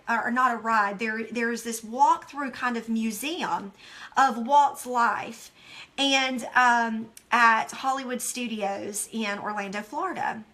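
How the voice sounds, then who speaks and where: A woman's voice: fairly high pitch, sharp tone. A woman hosting a motivational devotional talk, speaking with intense, emotional earnestness and addressing her listeners directly. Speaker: host.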